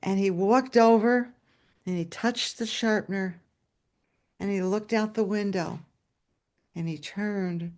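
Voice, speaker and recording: Older woman telling a lively story. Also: medium pitch, normal speed. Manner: lively, expressive oral storytelling with voiced dialogue. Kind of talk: personal storytelling at a story swap. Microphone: video call.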